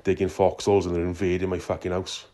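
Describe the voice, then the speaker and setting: A man with a deep, very low voice tells a meandering phone-in story. He drops swear words into almost every phrase, loose and unhurried. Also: monotone, mellow. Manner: profane, swears constantly. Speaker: caller.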